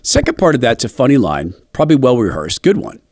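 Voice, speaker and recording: A man giving an opinionated commentary monologue, speaking deliberately and slowing down for emphasis. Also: medium pitch, wildly swooping pitch, a little mellow, a little hiss or hum. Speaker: political commentator.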